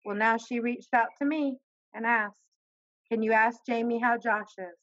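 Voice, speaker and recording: A woman's voice: on the high side, fairly even intonation, moderate pace, fairly bright tone, no room sound, muffled recording. A woman co-hosting a casual talk show, asking questions and answering with short agreements. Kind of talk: casual chat.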